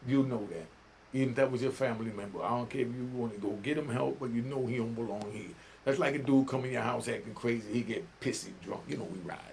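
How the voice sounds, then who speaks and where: An older man from New York speaks in a gravelly, rough-edged voice that sits at an ordinary pitch. His talk is preachy and laced with street slang. A faint hiss runs underneath the recording. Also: quick pace. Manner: preachy street talk with slang, repeats "you know what I mean". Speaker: vlogger. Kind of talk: casual commentary.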